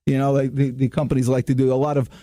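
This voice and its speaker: A man's voice: medium pitch, fast, no room sound, studio quality. A man hosting a joking radio show on sales tips, teasing his co-hosts and talking straight to listeners. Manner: animated, teasing, addresses listeners as ladies and gentlemen. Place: radio studio. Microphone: studio microphone.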